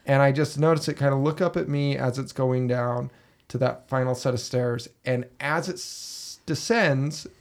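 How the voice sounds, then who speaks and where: A man hosts a podcast from a basement room, with a gravelly, mid-pitched voice. He tells his story casually and with energy, acting out his own reactions with swearing along the way. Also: fairly even intonation, normal speed. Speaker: podcast host.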